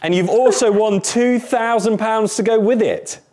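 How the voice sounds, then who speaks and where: A man's voice: high voice, unhurried, a little mellow. A man presenting a prize over a video call, enthusiastic and laughing often. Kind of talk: upbeat prize announcement call.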